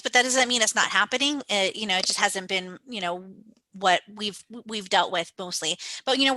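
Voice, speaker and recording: Bright-voiced woman podcast guest. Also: mid-range voice, dry recording, rough recording. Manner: chatty, many restarts and fillers. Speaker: podcast guest, agency co-founder. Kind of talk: casual podcast interview.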